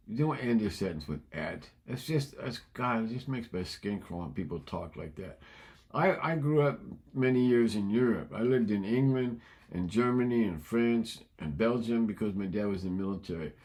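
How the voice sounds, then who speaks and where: A man's voice: lowish voice, expressive, normal speed, darkish tone. A man, delivering an indignant, opinionated monologue with frequent repetitions. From United States. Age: 70s. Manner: indignant, ranting, repeats himself. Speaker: vlogger.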